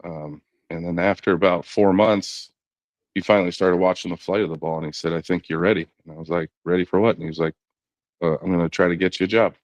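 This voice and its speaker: A middle-aged man speaks in a very low, deep voice, recorded dry and close with no room sound. He tells a long story in an easy conversational way, slipping other people's words into his own voice and peppering it with "you know." It sounds like a relaxed podcast guest. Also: fast, no echo. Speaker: podcast guest, former knuckleball pitcher.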